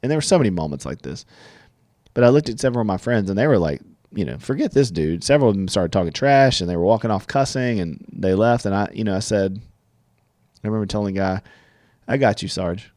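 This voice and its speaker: A man's voice: fairly low pitch, lively intonation, fast talker, a little mellow, dry recording. A man tells his own story in an earnest, reflective monologue. He often stumbles and restarts his words as he goes. The sound is dry and close, with no room in it. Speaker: podcast guest telling his story.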